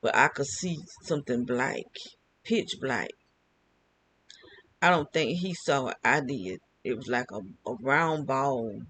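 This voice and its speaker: A man's voice: mid-range voice, slow, fairly bright tone, a little hiss or hum, low-quality recording. An older man talking alone to camera, rambling and often repeating and restarting his phrases. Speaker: vlogger. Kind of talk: casual monologue.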